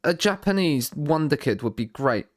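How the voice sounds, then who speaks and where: A man streaming a football management game, thinking out loud in a rambling way, often repeating and restarting his words, with dry sarcastic asides. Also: a little high, lively intonation, moderate pace, no room sound. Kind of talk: live stream commentary while playing a football manager game.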